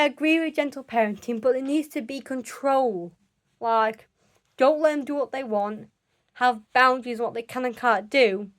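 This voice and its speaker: A woman speaks in a fairly high voice. She talks emphatically and insistently in a solo opinion monologue, often breaking off and restarting her sentences. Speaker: vlogger.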